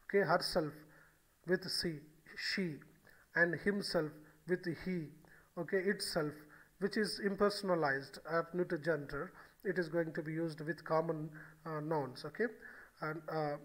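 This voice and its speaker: A man delivers a recorded grammar lecture in a high voice. He explains step by step, repeats his examples and fills pauses with "okay" and "so". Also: rough recording. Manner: explanatory, repeats key phrases, frequent "okay" and "so". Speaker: English grammar teacher.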